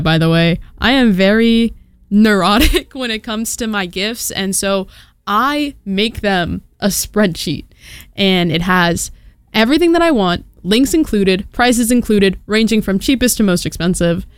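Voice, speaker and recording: A woman in her early twenties talking casually on her own podcast, chatty and self-deprecating with quick laughs. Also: mid-range voice, animated, smooth, no room sound, clean studio sound. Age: 20s. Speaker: podcast host. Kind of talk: casual solo podcast chat.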